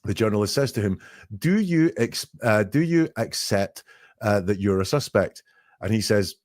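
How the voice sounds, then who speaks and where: Low-voiced man in dry analytical commentary. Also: expressive, moderate pace, a little mellow, no room sound. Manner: analytical, quotes lines then picks them apart. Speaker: podcast host. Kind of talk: commentary analyzing interview clips.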